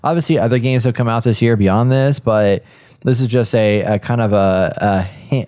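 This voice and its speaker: A man's voice: fairly low pitch, darkish tone. A man hosting a casual gaming podcast, rambling and restarting his sentences. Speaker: podcast host. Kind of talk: casual chat.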